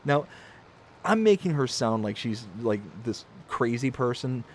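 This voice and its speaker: A man hosting a gaming livestream tells a story in a casual, animated way, acting out the voices of its characters. He speaks at medium pitch and an unhurried pace.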